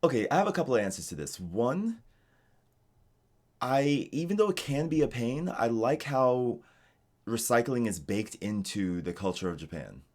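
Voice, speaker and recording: An American man in a casual interview, talking in a relaxed, rambling way with lots of "like". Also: mid-range voice, normal speed. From United States. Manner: relaxed, rambling, heavy use of "like". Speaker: interviewee, game designer in Japan. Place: home streaming setup.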